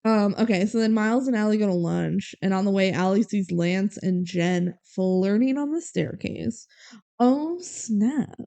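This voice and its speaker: A woman's voice: mid-range voice, normal speed, vocal fry, few pauses, warm tone, clean tone. A young woman co-hosting a podcast, casually recapping a movie with frequent laughter. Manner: bubbly, laughs often, quotes characters. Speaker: podcast co-host.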